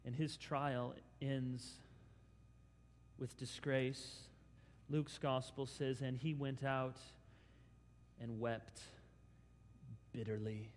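A male pastor preaching a sermon, dramatically acting out scenes and swinging between loud and hushed. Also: fairly high pitch, long reverb tail.

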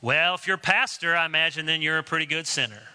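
A man's voice: fairly high pitch, fast talker, sharp tone, long reverb tail. A male preacher voicing a blunt, plain-spoken rural man in his sixties who teases in a folksy way. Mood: teasing.

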